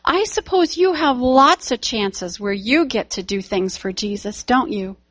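An eager, humble young man, glad and bright in spirit, as a woman storyteller puts him on. The voice rides a little high and talks at an unhurried pace. The sound is close and dry. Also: lively intonation, no room sound. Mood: earnest. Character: joyful humble young male tract writer.

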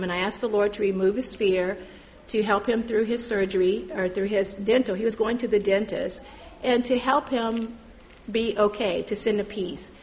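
A middle-aged woman giving an earnest personal testimony about volunteering at church, halting and full of fillers. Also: mid-range voice, a little hiss or hum, low-quality recording.

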